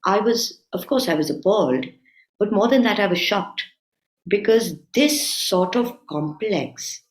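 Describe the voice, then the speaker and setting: A woman's voice: mid-range voice, lively intonation, a little slow, roomy sound. A woman speaking as a guest commentator in a talk-show conversation, assertive and emphatic as she argues her points. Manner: assertive, rising emphatic when arguing.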